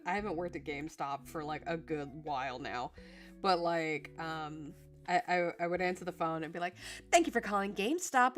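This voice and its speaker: A young woman chats to her stream audience in a loose, rambling way, full of fillers and restarts and quick to laugh. Her voice sits on the lower side. Faint music plays behind her. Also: fairly bright tone. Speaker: streamer reading chat. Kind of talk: casual live-stream chat.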